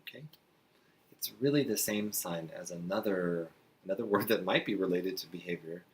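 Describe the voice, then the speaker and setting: A man teaching beginner sign language to parents in a friendly, chatty way, slowing down while he demonstrates signs. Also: deep voice. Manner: relaxed, chatty, with frequent fillers and slow demonstrating passages. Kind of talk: friendly instructional talk to parents.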